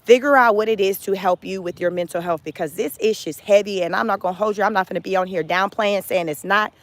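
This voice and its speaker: A woman's voice: medium pitch, fast, no room sound. Emphatic woman on a motivational livestream. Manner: emphatic, repeats phrases, laughs often. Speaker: livestream host. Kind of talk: casual motivational livestream talk.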